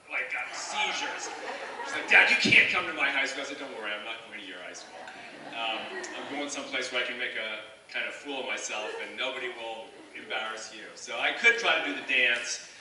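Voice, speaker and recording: A middle-aged man giving a heartfelt speech to students at a high school assembly, telling stories earnestly with many restarts. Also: sharp tone, slight background noise. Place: large school gym or auditorium. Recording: echoey hall from far off, crowd.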